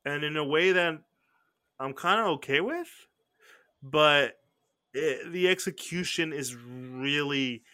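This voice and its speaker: A man's voice: a little high, slow, pauses often, sharp tone. A man hosting a podcast, chatting casually and often restarting his sentences. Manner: rambling, self-correcting, frequent restarts. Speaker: podcast host. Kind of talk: casual chat.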